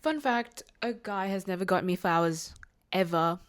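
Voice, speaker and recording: Speaking at a moderate pace in a voice on the low side, this nineteen-year-old podcast host delivers a casual solo monologue. She rambles from the heart with many fillers and restarts, emotional and close to tears at times.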